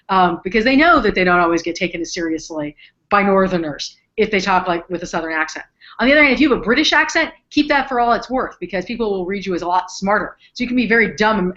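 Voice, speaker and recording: A woman, a psychology professor from the northern United States, explaining her research in a chatty, lively way with many ums. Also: mid-range voice, lo-fi sound. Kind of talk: explaining research in an online chat.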